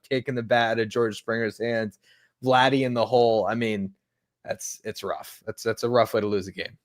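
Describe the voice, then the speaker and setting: A man co-hosting a sports podcast, breaking down a play in a casual, filler-heavy way. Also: medium pitch. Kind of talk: casual chat.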